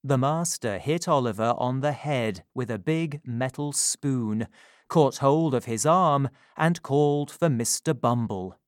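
A man reading a classic story aloud in a calm, measured narration. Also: medium pitch, no echo, studio quality.

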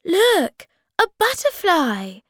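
Cheerful storybook girl creature, high and bouncy, put on by a woman narrator, unhurried, dry close sound. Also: lively intonation, a little mellow, dry recording. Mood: excited.

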